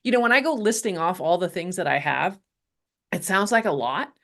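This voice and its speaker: Middle-aged woman guest, slightly low voice, frank and lively storytelling with laughs. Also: normal speed. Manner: candid, animated, laughs often, swears casually. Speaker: podcast guest, health coach. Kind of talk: casual interview storytelling.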